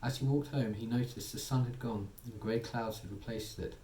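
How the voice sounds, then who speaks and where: Man softly telling a bedtime story. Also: medium pitch, fairly even intonation, moderate pace, slight background noise. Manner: soothing, gently voicing characters. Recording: echoey room, distant mic, faint ambience.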